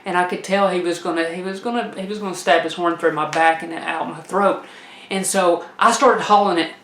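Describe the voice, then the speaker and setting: A woman telling a comic tale in a folksy, animated way, laughing as she goes. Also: on the low side, brisk, echoey room, noisy background. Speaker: storyteller. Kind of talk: comedic personal storytelling.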